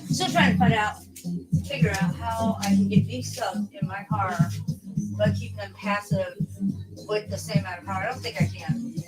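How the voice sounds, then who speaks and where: A woman's voice: medium pitch, moderate pace, low-quality recording. A woman streamer in casual livestream chat at home, rambling and swearing heavily. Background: loud music playing.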